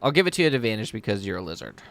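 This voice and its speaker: A man's voice: lowish voice, sing-song, racing, vocal fry, a bit bright. Casual male game master, loose and chatty. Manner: casual, laughing, full of fillers. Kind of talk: narrating a tabletop game.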